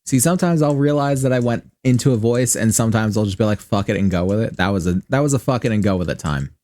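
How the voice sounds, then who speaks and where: A man's voice: medium pitch, expressive, quick pace, a little mellow, dry recording. A man from Michigan with a Midwestern American accent, chatting casually and rambling with frequent swearing while streaming a game. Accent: general American Midwestern. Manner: rambling, profane, thinking aloud. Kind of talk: casual gaming stream commentary.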